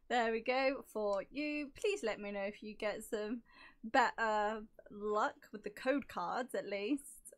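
Giggly woman with a hoarse voice. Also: mid-range voice, lively intonation, slow pace. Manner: giggly, self-mocking, gushing over cute cards. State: voice going hoarse. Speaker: card-opening vlogger. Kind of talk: casual unboxing chat.

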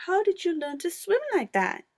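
A bouncy little boy wombat, eager and playful, chirping high and bright, as a woman reading aloud puts him on. His voice leaps up and down with childlike excitement. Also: moderate pace, full character voice. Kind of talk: storybook reading.

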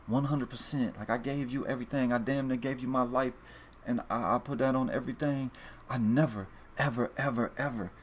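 A man talks loosely and profanely to his viewers. He rambles, repeats himself and starts over mid-sentence, with an ordinary mid-range pitch. A faint background noise sits under the recording. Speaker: fantasy sports video host. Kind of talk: casual monologue to viewers.

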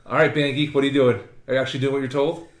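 A man running a tabletop game as game master, narrating haltingly with restarts and chuckles. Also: medium pitch, flat delivery. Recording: echoey room with background noise.

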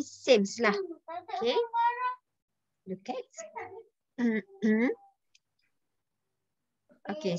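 During an online language lesson, a woman teacher with a Malaysian accent quizzes her students, mixing Malay words and "lah" into her English. Her voice is a little high and the recording is dull, lo-fi and dry, with no room sound.

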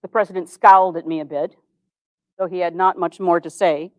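A woman's voice: fairly low pitch, fairly even intonation, dry recording, close to an everyday voice, rough recording. A woman playing a dignified 1860s woman reformer. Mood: recounting. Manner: formal, measured old-fashioned diction. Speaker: historical reenactor. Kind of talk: first-person historical monologue.

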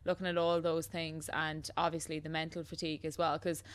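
Irish woman co-hosting, laid back chat, lowish smooth voice. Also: little pitch movement, brisk. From Ireland. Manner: easygoing, reflective, laughs often. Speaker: co-host, footballer. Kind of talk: casual chat.

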